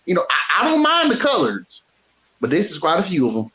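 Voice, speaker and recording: A man's voice: high voice, wildly swooping pitch, fairly quick, sharp tone, voice pushed down, full character voice. A man putting on a hesitant, pious old man, stammering as he talks. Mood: sheepish. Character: folksy old southern churchgoing man.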